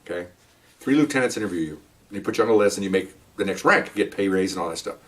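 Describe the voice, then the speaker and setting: An older ex-police officer with a low voice, far from the mic, shares casual stories in a quick, spirited manner. Along the way he restarts his sentences and regularly pauses to check in with an "okay?"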